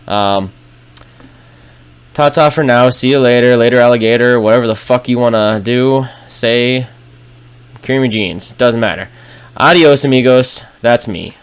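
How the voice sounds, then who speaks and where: A man's voice: mid-range voice, measured pace, long pauses, clear, resonant tone. Laid-back, profane young male storyteller. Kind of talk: casual storytelling over gameplay.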